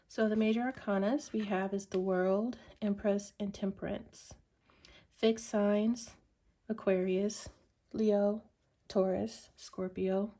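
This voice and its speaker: Mellow-voiced woman reading tarot. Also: medium pitch. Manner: slow, musing, with many ums and likes. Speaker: tarot reader.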